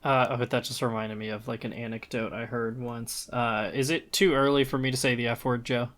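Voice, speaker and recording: Casting: male podcast co-host, mid-pitched everyday voice, hesitant, lots of ums and likes. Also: flat delivery, fairly quick, fairly bright tone. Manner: hesitant, many fillers. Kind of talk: casual chat, storytelling.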